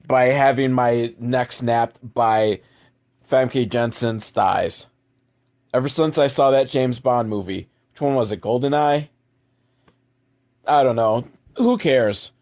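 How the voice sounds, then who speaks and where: Man, young adult, comedy movie recap host, crude and sarcastic, mid-pitched voice. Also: takes it slowly, a little mellow. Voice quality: crude, sarcastic, mocking asides.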